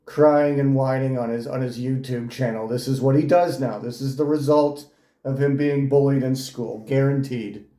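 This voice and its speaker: A man's voice: medium pitch, fairly even intonation, moderate pace, warm tone, roomy sound. A man giving mocking reaction commentary, sneering and ridiculing someone as he talks. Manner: sneering, ridiculing, with frequent laughs.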